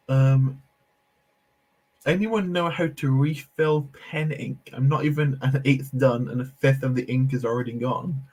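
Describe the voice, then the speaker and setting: A man's voice: mid-range voice, fairly even intonation, takes it slowly, pauses often, darkish tone. Man, live stream host, chatty, reads chat aloud, laughs a lot, casual building talk. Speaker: Lego streamer.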